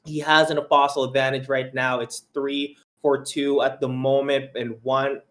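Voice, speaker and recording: A man's voice: medium pitch, moderate pace. Young male caster, upbeat game commentary, laughs easily, mid-range voice. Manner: excitable, laughs often, banters. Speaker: esports caster. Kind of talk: live esports commentary.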